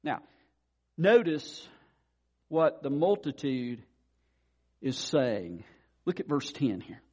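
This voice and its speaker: A man preaching a sermon, swinging from quiet asides to loud declarations. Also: mid-range voice, sing-song, takes it slowly, lo-fi sound. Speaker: pastor.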